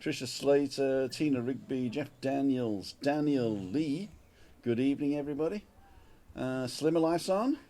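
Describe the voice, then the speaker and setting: A man with a medium-pitched, dark voice speaks at a measured pace while hosting a casual livestream chat from an outdoor balcony. Recorded on a smartphone, he chats easily, greeting viewers and reading their names aloud.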